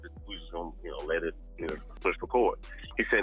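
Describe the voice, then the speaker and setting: Animated bright-voiced man on a podcast. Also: on the low side, quick pace, slightly rough, soft background music, low-quality recording. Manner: animated, talks in bursts with repeated starts. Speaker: podcast guest. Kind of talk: casual podcast chat.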